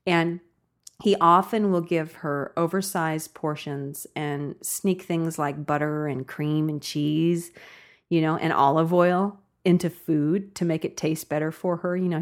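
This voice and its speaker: Woman podcast host, bubbly and chatty, laughs a lot, fairly low voice. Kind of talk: casual chat.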